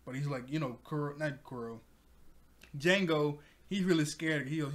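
A man's voice: medium pitch, fairly quick. Chatty man recapping an episode. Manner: chatty, laughing often, rambling with restarts. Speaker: anime review channel host.

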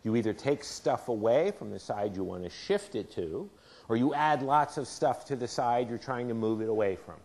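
A man's voice: medium pitch, lively intonation, moderate pace, darkish tone. Guy teaching a chem lecture, keeps asking the class stuff, talks casually. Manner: asks the class questions, conversational. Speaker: chemistry professor. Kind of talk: university lecture. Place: lecture hall.

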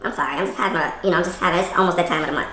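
A man plays a quick-tempered wife in a comedy skit, loud-mouthed and dramatic. The voice sits high and races along. It is recorded in a roomy, echoing space. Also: lively intonation, a little hiss or hum, full character voice. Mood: apologetic. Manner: brash, scolding, rapid-fire and dramatic. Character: sassy demanding wife, adult woman, quick-tempered. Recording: echoey room.

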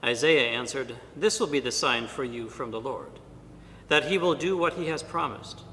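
Bright-voiced priest in a reverberant church. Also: male voice. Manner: measured, deliberate reading with pauses. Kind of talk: liturgical reading and homily. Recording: long church reverb, faint rumble.

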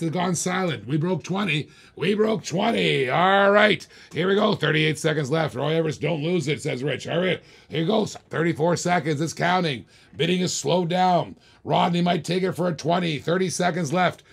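A man's voice: a little high, gravelly, breathy edge. A man hosting a live stream auction of toy cars, calling bids over and over in a hyped, repetitive way.

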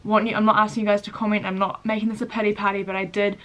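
A teenage girl vlogging casually, chatty and quick, turning earnest and close to tears as she speaks her mind. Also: medium pitch, little pitch movement, fairly bright tone, dull audio. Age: teens. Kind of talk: casual day-in-the-life vlog and rant.

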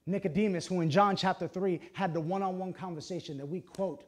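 A pastor with a voice that sits high preaches a passionate sermon. He swings between hushed and loud delivery, using dramatic pauses and short, emphatic phrases.

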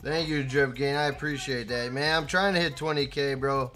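A man's voice: mid-range voice, steady tone, moderate pace. A young man live-streaming a game, chatting casually and hyping up his chat by name. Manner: hyped, shouts out chat names.

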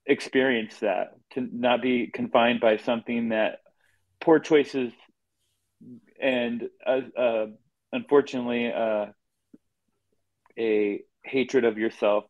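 A man's voice: medium pitch, a little mellow, no echo. A man in his thirties, a guest on a live talk show, speaking candidly in a heartfelt, emotional way. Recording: dull dry lo-fi audio.

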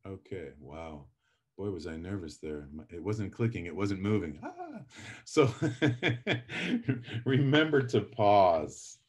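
A man's voice: low-pitched, expressive, slow, long pauses, breathy edge. A middle-aged man teaching public speaking in a live lecture, chatty and self-deprecating, acting out his examples with drama.

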